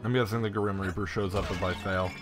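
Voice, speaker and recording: A man giving casual, excitable gameplay commentary and swearing often. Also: low-pitched, fast, over music.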